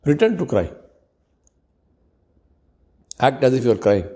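A man's voice: medium pitch, big pitch swings, measured pace, dark tone. A man preaching a sermon in an earnest, fervent way, with Arabic prayer phrases woven in.

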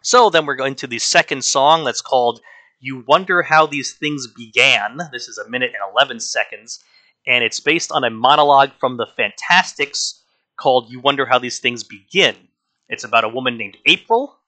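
A man's voice: mid-range voice, pushed and bright. A man talking casually through an album review, frank and wry. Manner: conversational, frank, wry asides.

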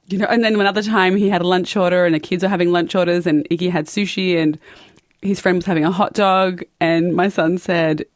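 A woman's voice: quick pace, no echo, studio quality. A woman with an Australian accent, probably in her thirties, hosting a casual podcast interview and telling stories with lots of expression. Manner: lively, expressive storyteller with big pitch swings. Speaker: podcast host.

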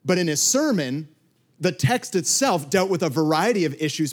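A man in his forties, a pastor, giving a conversational talk to other pastors with lively storytelling asides. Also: on the high side.

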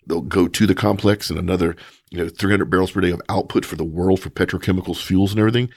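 A man hosting a podcast, giving opinionated, animated commentary on industry news in casual chat. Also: low voice, quick pace, vocal fry, husky, dry recording, studio quality. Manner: opinionated, animated, mocking asides. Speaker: podcast host.

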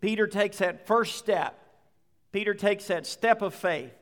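A man's voice: high voice, unhurried, a bit bright. A man preaching a sermon as pastor, emphatic and conversational, acting out the quoted lines. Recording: long hall reverb.

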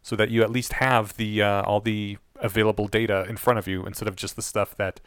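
A man with a fairly low voice co-hosts a podcast in casual discussion. He lays out his points plainly and evenly, often agreeing with his partner. The sound is dry and close. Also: level tone, fairly quick, fairly bright tone, clean tone, no room sound. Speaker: podcast co-host.

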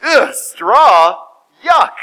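A man's voice: very high voice, fairly quick, sharp tone, pitched above the performer's own voice. A man voicing an indignant male lion who bluntly defends eating meat in a sermon story. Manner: indignant, matter-of-fact.

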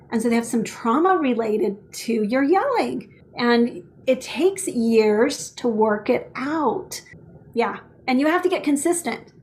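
A middle-aged woman hosting a podcast, telling lively personal parenting stories in casual chat. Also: on the high side. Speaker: podcast host.

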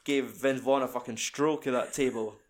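A man's voice: medium pitch, steady tone, normal speed. A young man chatting casually about a film, rambling and swearing as he retells scenes. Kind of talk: casual film review chat.

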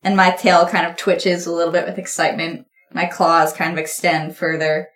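A woman's voice: lowish voice, level tone, normal speed, a bit bright, a little hiss or hum. A woman playing in a tabletop game, eagerly chatting in character and describing her moves. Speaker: player. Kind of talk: tabletop role-play. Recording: roomy echo.

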